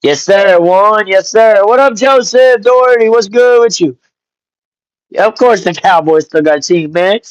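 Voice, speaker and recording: A man hosting a casual live stream, greeting chat viewers by name and telling stories in an animated, joking way with some swearing. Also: high voice, a little slow, no echo, highs cut off. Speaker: livestream host.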